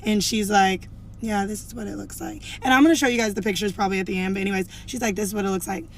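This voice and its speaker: A woman's voice: mid-range voice, fast talker, a little hiss or hum. Chatty young woman telling a story. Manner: chatty, heavy use of "like", acts out quoted lines. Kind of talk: casual storytime to camera.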